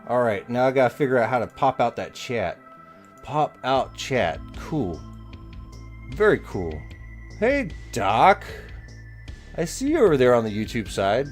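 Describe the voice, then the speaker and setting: A man's voice: medium pitch, big pitch swings, normal speed, long pauses, soft background music. A man hosting a live game stream in casual chat, playful and teasing as he works the stream. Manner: playful, teasing, talks while working the stream. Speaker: streamer host.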